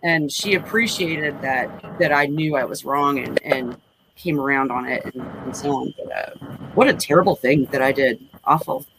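A woman's voice: a bass voice, normal speed, noisy background. A woman in her forties speaking candidly in a casual panel discussion, rambling with frequent restarts. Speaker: panel guest.

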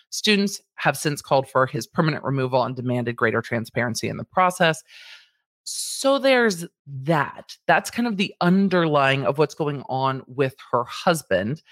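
Animated woman commentator, dry close sound. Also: low-pitched, no room sound. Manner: animated, acts out exaggerated quoted voices. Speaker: commentary host. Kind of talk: casual commentary to camera.

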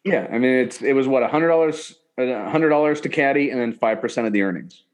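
A man's voice: medium pitch, a little fast. A man co-hosting a podcast, casually retelling movie scenes and laughing along. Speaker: podcast co-host.

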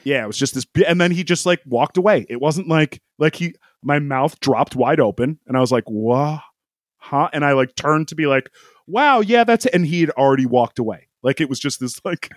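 A man's voice: mid-range voice, brisk, no room sound, clean studio sound. Rambling man telling a travel story. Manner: rambling, laughs often, acts out quotes. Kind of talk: casual storytelling.

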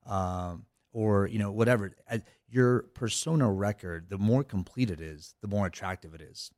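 A man speaks as an interview guest in a low, deep voice. He rambles, restarting phrases and leaning on fillers. The sound is dry and close. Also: normal speed, a little mellow, dry recording. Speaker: cybersecurity guest. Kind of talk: casual interview talk.

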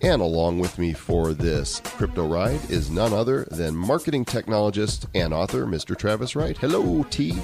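A man's voice: low voice, animated, normal speed, few pauses, darkish tone, faint music behind. A man co-hosting a podcast in a playful, goofy, sing-song way. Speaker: podcast co-host. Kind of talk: casual podcast banter.

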